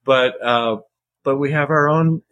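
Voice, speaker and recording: An older American man, an author answering interview questions in a measured, thoughtful storytelling way with soft chuckles. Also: medium pitch, dull audio.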